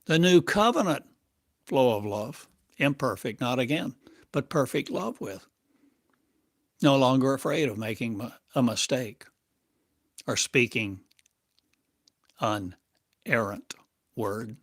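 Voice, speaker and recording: A man as a spiritual teacher, delivering a channeled monologue in slow, halting, cryptic phrases. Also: medium pitch, animated, dry recording, studio quality. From United States.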